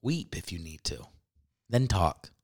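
Animated ranting podcast host, a man. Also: low-pitched, measured pace. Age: adult, married. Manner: animated, swearing, mock-ranting, with joking asides. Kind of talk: comedic podcast rant.

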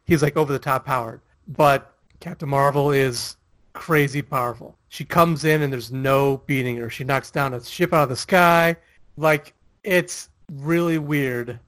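A man's voice: mid-range voice, a little slow, a bit bright, no echo. A man co-hosting a casual chat, rambling with lots of fillers and laughing often. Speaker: podcast co-host.

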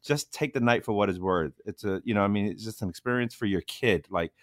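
Low-voiced man in sports banter. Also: a little fast, no echo, studio quality. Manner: chatty, repeats "listen" and "you know". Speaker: co-host. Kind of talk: casual sports talk.

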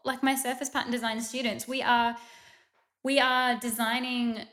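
A woman's voice: on the high side, level tone, normal speed, fairly bright tone. A woman co-hosting a podcast, chatting in an enthusiastic, affirming way. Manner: enthusiastic, affirming, laughs often. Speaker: podcast co-host. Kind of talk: casual podcast chat.

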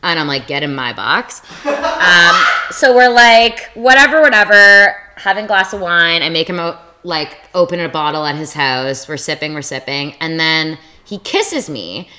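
A woman's voice: on the low side, normal speed, bright, forceful tone, a little hiss or hum. A woman in her thirties telling a long personal story in casual chat, filling her talk with "like" and acting out what people said. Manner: chatty, peppers talk with "like", acts out quotes. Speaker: podcast co-host.

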